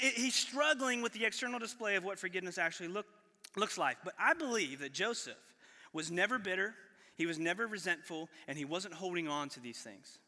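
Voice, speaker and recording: A man delivers a sermon in a casual, energetic way, tossing in slang and restarting sentences as he goes. His voice sits high and sounds very bright. A long reverb trails behind him from the hall. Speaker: pastor. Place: church hall.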